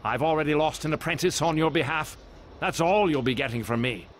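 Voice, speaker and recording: An actor voicing an aloof, grumpy older village wizard in a video game, dry and condescending. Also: male voice, on the high side, a little fast, a little hiss or hum, lightly acted. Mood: disdainful.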